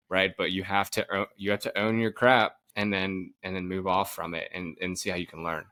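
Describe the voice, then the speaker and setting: A young adult man with a slightly low voice chats on a podcast. He tells stories animatedly, stumbling and restarting as he goes, in an easy, casual way. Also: brisk, few pauses. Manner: animated storytelling, frequent laughs and restarts. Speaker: podcast co-host. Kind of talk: casual chat.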